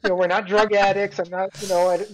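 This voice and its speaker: A middle-aged man, a guest, telling a long story in a relaxed chat with frequent restarts. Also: high-pitched, fast talker, slight background noise. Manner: chatty, many restarts and laughing asides. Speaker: guest runner. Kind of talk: casual storytelling. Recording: dull lo-fi sound.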